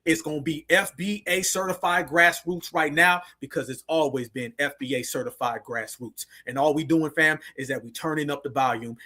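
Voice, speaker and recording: A man's voice: fairly high pitch, pushed and bright, husky. A man hosting a livestream, giving a fired-up, preachy rallying monologue full of repeated call-and-response phrases. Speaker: livestream host.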